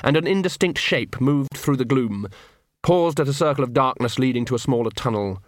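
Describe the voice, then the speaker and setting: A man narrating a comic fantasy audiobook in a wry, expressive way on a close studio mic. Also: mid-range voice, moderate pace, dry recording.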